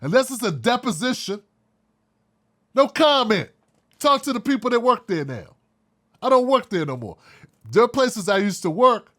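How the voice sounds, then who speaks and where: A man's voice: extremely high pitch, sing-song, moderate pace, pauses often, fairly bright tone. Blunt, fired-up male commentary host. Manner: blunt, fired-up, swears freely. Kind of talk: opinion commentary.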